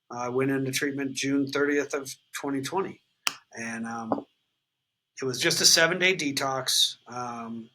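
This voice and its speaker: A man's voice: mid-range voice, bright, forceful tone, slight background noise, low-quality recording. A man, candidly telling his recovery story in an interview, swearing freely and filling with "like" and "um". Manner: raw, unfiltered, swears freely, many fillers like "like" and "um".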